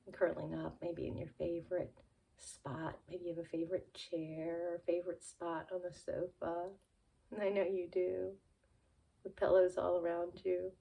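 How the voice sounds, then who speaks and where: A woman leading a gentle relaxation lesson for small children, talking softly, sighing and yawning, and often dropping to a whisper. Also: lowish voice, flat delivery, gravelly, breathy edge, dull audio. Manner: slow, soft, sighing and yawning, drifting into whispers. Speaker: children's calm-time presenter.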